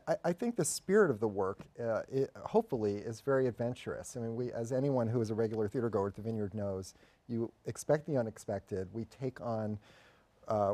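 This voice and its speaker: Reflective middle-aged man, dark dry voice. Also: on the low side, dry recording. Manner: measured, reflective, restarts phrases. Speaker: theater artistic director. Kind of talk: talk-show interview. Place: TV studio.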